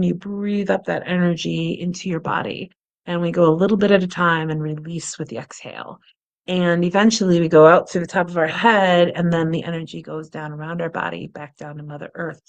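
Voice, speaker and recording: A woman leads a guided meditation in a calm, gentle manner, her voice sitting a little low. She often lets her words drop to a soft, quiet hush as she breathes along with the listener. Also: fairly quick, highs cut off. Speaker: meditation and wellness instructor.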